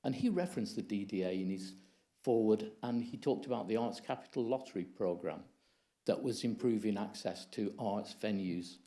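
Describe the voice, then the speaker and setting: Man, conference speaker, low mellow voice, measured delivery with slide reading. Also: animated. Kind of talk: lecture presentation.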